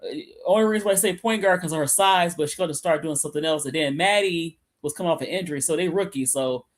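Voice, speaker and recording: A woman's voice: fairly low pitch, fast talker. A woman from Michigan co-hosting a casual sports chat, rambling and restarting often, speaking from a computer away from her mic. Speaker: sports podcast co-host. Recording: remote call audio, from off-mic.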